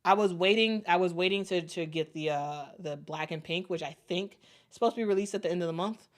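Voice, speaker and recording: A young woman with a Chicago accent chats casually on a sports livestream. She has a slightly low voice for a woman, and she stops, repeats herself and fills the gaps with "um" and "uh" as she answers viewers. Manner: halting, many fillers and restarts. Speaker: sports show host. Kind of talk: casual livestream chat reading super chats.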